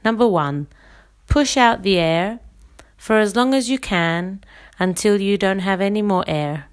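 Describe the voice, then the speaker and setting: A woman singing teacher leading a guided breathing exercise, giving calm step-by-step instructions and demonstrating each sound. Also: medium pitch, unhurried, smooth.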